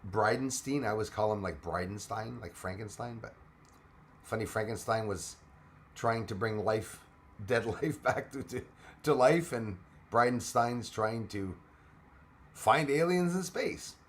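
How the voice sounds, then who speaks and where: A man's voice: lowish voice, measured pace, slight background noise. A man hosting a casual livestream, greeting commenters by name, laughing often and chatting loosely. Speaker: livestream host. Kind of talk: casual live chat with viewers.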